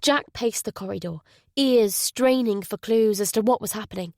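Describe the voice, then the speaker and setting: A woman narrating a thriller audiobook in a steady, even manner. Her voice sits in the middle of the range and has a noticeable gravelly texture. The recording is dry and close. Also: medium pitch, normal speed, dry recording. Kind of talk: scripted narration.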